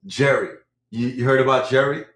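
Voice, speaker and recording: A man's voice: medium pitch, normal speed. Man telling tales in an echoey room. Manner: animated storyteller, says "right?" often. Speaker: livestream participant. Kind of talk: casual live chat.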